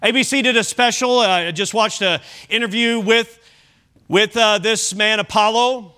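A man preaching a sermon as pastor, emphatic, with big swings in loudness and chatty asides and self-corrections. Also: high voice, fairly even intonation, moderate pace, clean tone.

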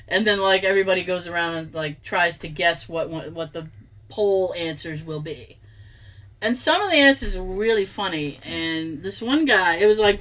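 A woman's voice: mid-range voice, normal speed. A young woman co-hosting a casual podcast, telling a story with lots of laughter and acted-out quotes. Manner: lively storyteller, laughs often, acts out quotes. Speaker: podcast co-host. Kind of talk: casual chat.

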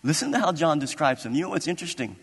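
A man's voice: a little high, lively intonation, rapid-fire, slightly rough, big-room sound. A man preaching a sermon as pastor, impassioned and building into emphatic, repeated declarations.

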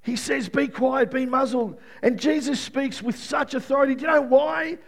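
A man preaching a sermon to a church congregation and listeners at home, swinging from loud exclaiming to a quiet, prayerful tone. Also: very high-pitched, fairly even intonation, normal speed. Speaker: pastor.

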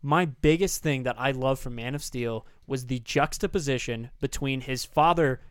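A man's voice: mid-range voice, moderate pace, smooth, dry recording, studio quality. A man co-hosting a podcast, ranting heatedly in casual chat and swearing often. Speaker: podcast co-host.

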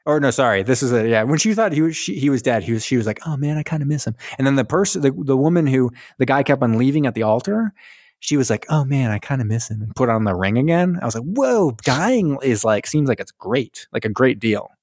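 Animated, swearing man recapping a film. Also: medium pitch, quick pace, dry recording, studio quality. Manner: animated storytelling, acts out lines, swears and laughs. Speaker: podcast co-host. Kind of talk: casual chat recapping a film.

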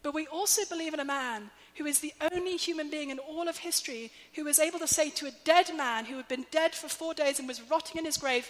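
A woman in her thirties preaching a sermon, slow, measured and emphatic, with soft quiet dips. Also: sits high. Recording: long hall reverb, faint hum.

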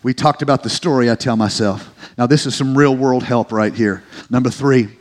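A male pastor preaching a sermon, rising to emphatic peaks and slowing into drawn-out prayerful lines. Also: mid-range voice. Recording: faint music under the voice.

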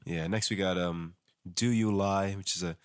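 Low-voiced dude on a podcast, laid back, lots of ums, trips over tongue twisters. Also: male voice, moderate pace. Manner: relaxed, fillers, stumbles on tongue twisters. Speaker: podcast co-host. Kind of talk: casual chat.

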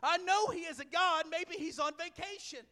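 A man preaching a sermon, telling a scripture story with animated delivery, chuckling and raising his voice for emphasis. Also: very high-pitched, moderate pace. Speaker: pastor.

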